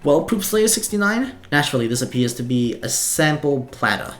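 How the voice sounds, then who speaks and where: A man voicing an excitable small male dog who is a fussy professor, lecturing in a high, loud, eager voice. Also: normal speed, soft background music.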